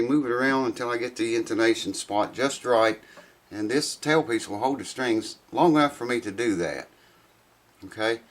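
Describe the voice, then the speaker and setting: A man's voice: medium pitch, a bit bright, rough recording. A man chatting casually on his guitar repair vlog while unboxing parts, rambling and thinking aloud in a folksy way.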